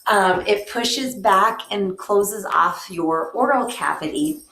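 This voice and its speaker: A woman's voice: mid-range voice, expressive, takes it slowly, fairly bright tone. A woman biology teacher explaining a lesson to her students, with lots of ums and friendly asides. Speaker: high school biology teacher. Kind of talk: recorded remote lesson. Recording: echoey room.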